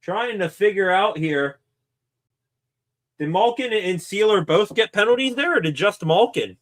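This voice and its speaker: A man hosting a sports channel, giving excited live play-by-play reaction commentary that rambles with fillers and self-corrections. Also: high voice, a little slow.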